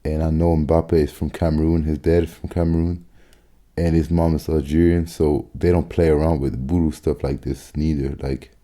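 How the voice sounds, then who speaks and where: Very deep, dark-voiced African man. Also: little pitch movement, moderate pace. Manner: loose, frequent fillers and "bro". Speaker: reaction video host. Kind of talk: casual reaction commentary.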